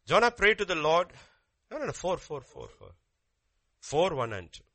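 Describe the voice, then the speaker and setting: Male pastor, sermon; bright forceful tone, slightly high, animated swings between loud and hushed. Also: normal speed. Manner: animated preaching with sudden pitch jumps and quiet drops.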